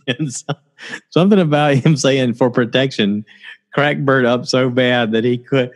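A man's voice: mid-range voice, unhurried. Rambling, laughing man podcast host. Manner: rambling storytelling, laughs often. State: tired, low on energy. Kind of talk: casual solo podcast chat.

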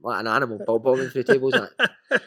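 A man with a Scottish accent, a former footballer and podcast guest, telling lively stories and calling the listener "mate". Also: medium pitch, a little fast. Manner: animated anecdotes with frequent "mate". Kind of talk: casual storytelling.

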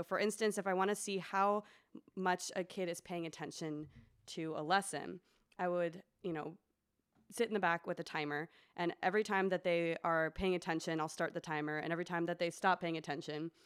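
A woman, a special education teacher co-hosting a podcast, telling classroom stories casually and acting out a child's lines. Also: smooth. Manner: relaxed storyteller, acts out a child's lines in a high voice. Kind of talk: casual storytelling chat.

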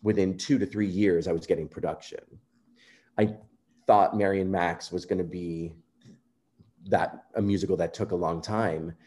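A man being interviewed, telling a personal story in an earnest, animated way and acting out quoted remarks. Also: low voice, normal speed. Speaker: composer guest.

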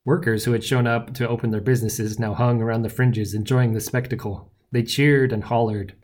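A man reads a first-person story aloud at a middling pitch. His telling is wry and lively, with a dry edge to the asides. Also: a little fast. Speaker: audiobook narrator. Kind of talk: first-person audiobook narration.

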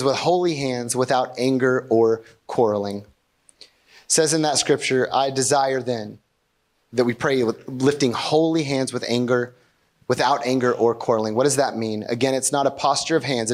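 A pastor preaching a sermon in a conversational way, asking rhetorical questions and often checking in with his congregation. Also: medium pitch.

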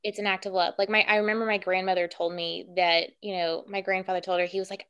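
A woman's voice: medium pitch, brisk. A young woman co-hosting a casual podcast chat, giving emphatic, playful advice to other women. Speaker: podcast co-host.

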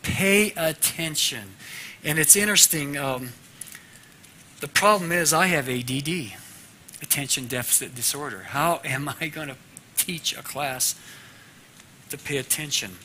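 Bright-voiced earnest man teaching devotion. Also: fairly high pitch, moderate pace, pauses often, a little hiss or hum. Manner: earnest, swings from loud to hushed prayer. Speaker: class teacher giving a devotional.

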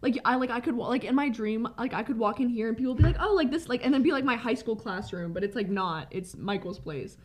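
A woman's voice: fairly high pitch, quick pace, hardly any pauses. A young woman in a casual chat, rambling through a story with frequent swearing and laughter.

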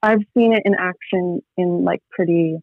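A woman's voice: lowish voice, fairly even intonation, moderate pace, dry recording. A woman in her thirties, a podcast guest telling personal stories in a rambling way, full of "like" fillers. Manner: rambling, heavy use of "like" fillers. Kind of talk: casual personal storytelling. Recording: tinny phone-like line, dry.

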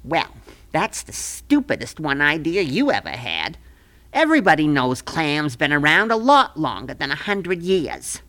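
A woman voicing a bossy, sharp-tongued small-town official in a comic radio play, with a folksy, scolding way of talking. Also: low-pitched, big pitch swings, a little slow, heavily acted.

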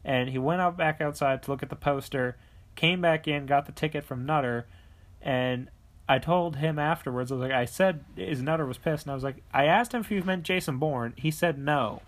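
A man's voice: fairly high pitch, normal speed. Foul-mouthed young man ranting casually. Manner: blunt, swears a lot, animated storyteller. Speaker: podcast co-host. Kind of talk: casual chat.

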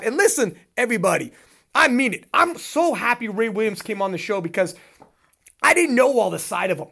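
Rambling, animated man co-hosting a podcast. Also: sits high, brisk, vocal fry. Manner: rambling, animated, laughs often. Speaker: podcast co-host. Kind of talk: casual podcast chat.

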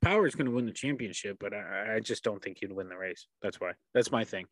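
A young man co-hosting a casual racing podcast, dry and joking, often letting his voice drop quietly at the ends of sentences. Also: fairly low pitch, a little fast. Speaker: podcast co-host. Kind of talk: casual sports chat.

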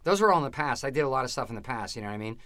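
A man's voice: mid-range voice, animated, rapid-fire, fairly bright tone. A man who is a comedian guest, telling a story in a casual interview and acting out other people's voices.

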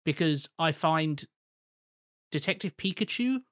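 A podcast co-host chatting casually and quickly, with frequent restarts. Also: mid-range voice, lively intonation, fairly bright tone, dry recording, clean studio sound.

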